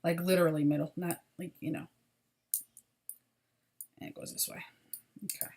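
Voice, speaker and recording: A woman's voice: on the low side, fairly even intonation, moderate pace, darkish tone. A woman hosting a crochet video podcast, chatting casually and apologetically about her projects, sounding tired.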